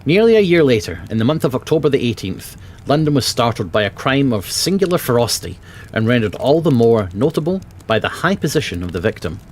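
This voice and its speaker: A man's voice: mid-range voice, sing-song, fast, a little mellow, a little hiss or hum. A Scottish man with an Edinburgh accent narrates a classic novel, leaning into the drama of the story. His mid-range voice sometimes trips and corrects itself. A faint room ambience hums behind him. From Scotland. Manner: dramatic storytelling with occasional slips and self-corrections. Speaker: narrator, audiobook reader. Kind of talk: reading a classic novel aloud.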